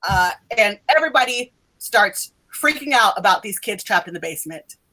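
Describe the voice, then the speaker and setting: A woman narrating a tabletop role-playing game as game master, playful and quick to laugh. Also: mid-range voice, lively intonation, bright, forceful tone, rough recording.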